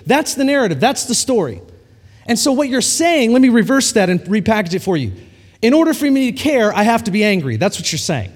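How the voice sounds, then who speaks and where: Animated preacher man in a reverberant hall. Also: high voice, brisk. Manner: animated storytelling preacher, acts out quoted dialogue. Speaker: pastor. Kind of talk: sermon.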